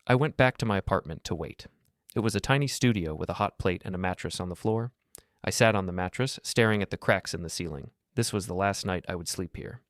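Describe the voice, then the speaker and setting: A man narrating a first-person story in a steady, measured reading voice. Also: deep voice, dry recording, clean studio sound.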